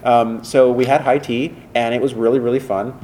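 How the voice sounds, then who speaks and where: An animated man rambles through studio anecdotes as a podcast guest, his voice sitting at an ordinary middle pitch. He piles up fillers and restarts, and a light hiss of noise sits under the recording. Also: moderate pace. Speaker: voice director and voice actor guest. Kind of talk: casual podcast interview storytelling.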